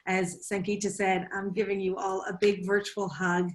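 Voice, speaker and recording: A woman's voice: medium pitch, little pitch movement, moderate pace. An American woman moderating a panel over a video call, effusive and full of thanks. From United States. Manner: warm, effusive, wrapping up with thanks.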